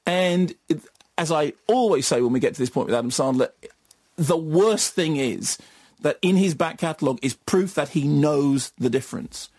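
A British man reviews films on radio with animated, mocking energy. His voice sits a touch high and is husky. The studio sound is dry and close. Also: no room sound. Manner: animated, mocking impressions, quick asides. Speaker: film critic co-host. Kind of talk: radio film review banter.

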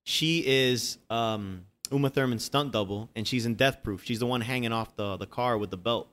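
A man's voice: mid-range voice, moderate pace. Man rambling casually about a movie. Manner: rambling, animated, swears freely.

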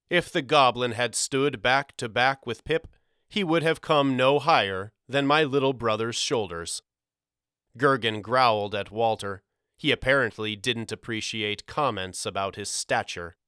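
Slow, bright-voiced male narrator. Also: mid-range voice, clear, resonant tone, no room sound, studio quality. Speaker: audiobook narrator. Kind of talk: scripted storybook narration.

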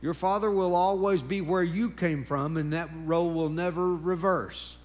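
A man's voice: sits high, fairly even intonation. A man preaching a sermon, emphatic and repetitive, breaking in with praise interjections. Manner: emphatic, drawn-out preaching with repeated phrases and interjections.

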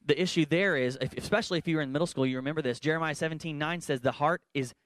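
A man's voice: fairly high pitch, rapid-fire, fairly bright tone, dry recording, clean studio sound. A man, a pastor, giving an earnest and emphatic sermon-style talk in a church worship center, with playful asides.

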